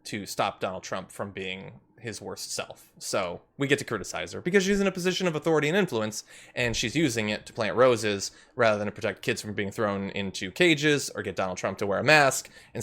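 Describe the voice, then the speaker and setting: A man hosting a political commentary show, talking in a sarcastic, lively way with frequent laughs. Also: fairly low pitch, fairly quick, few pauses. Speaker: show host.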